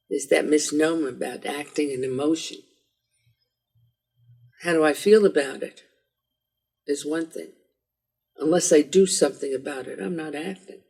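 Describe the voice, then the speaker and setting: Gravelly man explaining acting, emphatic. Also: on the high side, a little mellow, low-quality recording. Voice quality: gravelly, husky. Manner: emphatic, instructive.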